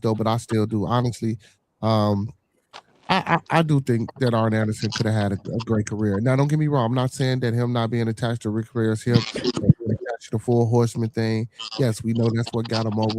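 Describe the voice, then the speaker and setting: A man co-hosting a casual wrestling talk show, animated and repeating his points. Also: medium pitch, background noise. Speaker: podcast co-host.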